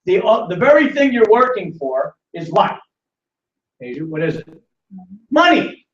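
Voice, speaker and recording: A man's voice: high voice, big pitch swings, moderate pace. A man hosting a live financial seminar, telling stories with acted-out voices and calling on audience members by name. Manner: acts out quoted voices in storytelling. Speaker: seminar host. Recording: roomy, distant, dull lo-fi.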